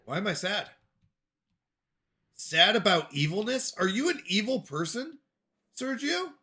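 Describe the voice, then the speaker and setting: An American man chats casually on a gaming livestream, drifting from topic to topic as he replies to viewers. His voice sits high and sounds bright and forceful. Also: very animated, unhurried. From United States. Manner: rambling, answers chat questions aloud. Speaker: streamer.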